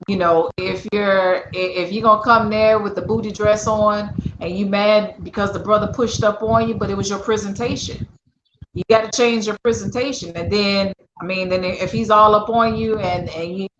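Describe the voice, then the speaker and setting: A woman speaking frankly as a panelist in a casual discussion, readily agreeing and laughing. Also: medium pitch. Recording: roomy, dull, noisy sound.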